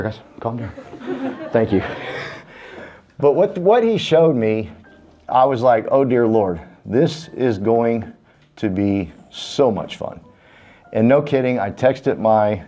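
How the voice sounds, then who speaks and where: A real estate business speaker with a fairly low-pitched, dark voice gives a casual, folksy talk, poking fun at himself with jokey personal stories. The recording sounds dull and lo-fi.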